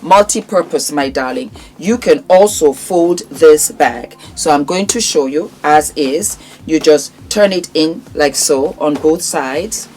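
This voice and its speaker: A woman's voice: deep voice, a little slow, hardly any pauses, a little mellow, faint music behind. A woman with a Nigerian accent presenting products in a chatty vlog, effusive and fond of calling viewers "my darling".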